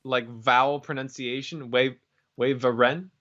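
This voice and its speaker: A man's voice: mid-range voice, normal speed, a bit bright. A man co-hosting a podcast in casual chat, wry, playful and thoughtful. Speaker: podcast co-host. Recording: dull lo-fi sound.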